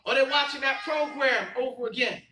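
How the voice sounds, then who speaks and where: A man's voice: extremely high pitch, fairly quick, roomy sound, distant mic, noisy background. A man teaching a religious class, quizzing his students and stressing key points. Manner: quizzing students, emphatic and repetitive. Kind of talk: classroom lesson with call and response.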